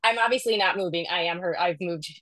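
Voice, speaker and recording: Talking fast in a lowish, somewhat bright voice, a middle-aged caregiver shares a candid personal story with a video call support group. She rambles and pokes fun at herself while describing caring for her mother, and the recording is dry.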